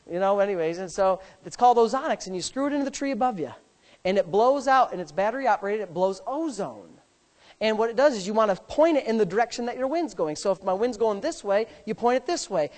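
A man preaching a sermon, swinging between loud, rising exhortation and low, rambling storytelling with folksy restarts. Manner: folksy, repeats himself, many restarts. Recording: long reverb of a large hall.

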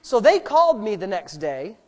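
A man preaching a sermon as a pastor, animated and sarcastic, swinging between loud, high bursts and quiet asides. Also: moderate pace.

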